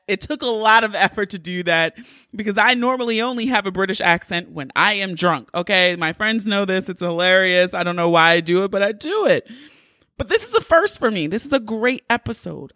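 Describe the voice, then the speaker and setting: A woman's voice: medium pitch, expressive, brisk, a bit bright, no echo, clean studio sound. A young adult woman hosting her podcast in casual, playful chat, laughing easily. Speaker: podcast host.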